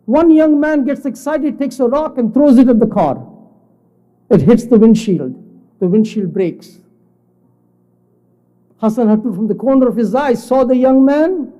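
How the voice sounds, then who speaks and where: A man preaching at a mosque, his voice sitting very high yet dark and mellow in tone. He tells a story to the congregation, then turns to pointed rhetorical questions. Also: measured pace, long pauses, poor audio. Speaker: khutba speaker. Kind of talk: sermon.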